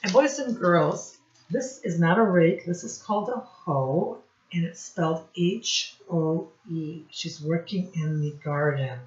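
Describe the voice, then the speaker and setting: A woman's voice: fairly low pitch, a little slow, echoey room, lo-fi sound. A woman reading a picture book aloud to young children, acting out the sound words in a sing-song teacherly way, asking questions and praising them. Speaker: storybook reader for children. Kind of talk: read-aloud storytime for young kids.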